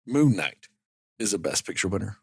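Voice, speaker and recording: A man's voice: lowish voice, moderate pace, creaky, breathy edge, no room sound, clean studio sound. A man co-hosting a movie podcast, riffing and swearing in casual late-night chat, sounding tired. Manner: animated, profane, riffing. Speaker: podcast co-host.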